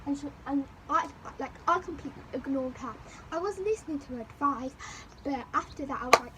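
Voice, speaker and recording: A young woman tells a school story straight to camera, with a bright, high voice. She rambles and repeats herself as she goes. A steady wash of background noise sits under the recording. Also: quick pace. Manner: rambling, animated retelling with repeated phrases. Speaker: vlogger. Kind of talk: storytime chat.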